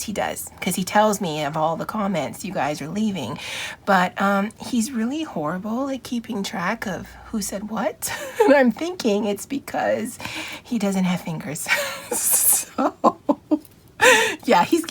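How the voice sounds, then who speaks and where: A woman's voice: medium pitch, husky. A woman hosting a planner vlog, chatting casually, reading out viewer comments, greeting viewers by name and laughing often. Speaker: planner vlogger host.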